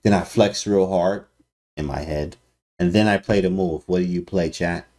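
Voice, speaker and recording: A man streaming chess analysis to his chat in a casual, slangy way with sudden loud exclamations. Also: low-pitched, steady tone, moderate pace. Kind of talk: casual livestream commentary.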